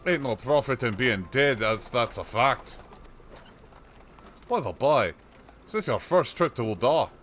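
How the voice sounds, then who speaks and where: A man voices a chatty old peddler while reading game dialogue on a livestream, using a fake rustic accent and a folksy, rambling storytelling style; the character is shrewd and down-home. His mid-range voice is animated and a bit bright, unhurried with frequent pauses. A little hiss or hum is audible.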